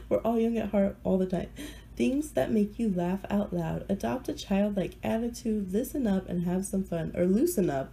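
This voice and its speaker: A woman's voice: medium pitch, creaky, mellow, low-quality recording. A woman giving a casual pick-a-card tarot reading while a little sick, chatty and playful, laughing often between points. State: under the weather, sick voice.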